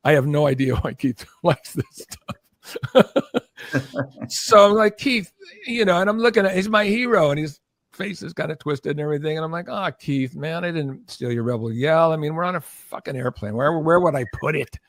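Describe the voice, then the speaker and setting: Older man telling a lively story. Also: fairly high pitch, moderate pace, no room sound, clean studio sound. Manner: animated, acts out quoted voices, keeps checking in with "okay?". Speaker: podcast guest, former record executive. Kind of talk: anecdotal storytelling in conversation.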